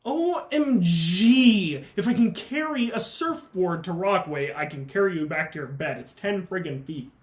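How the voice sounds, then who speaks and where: A woman's voice: fairly low pitch, animated, moderate pace, hardly any pauses, roomy sound. A woman performing a comic monologue in an exasperated manner.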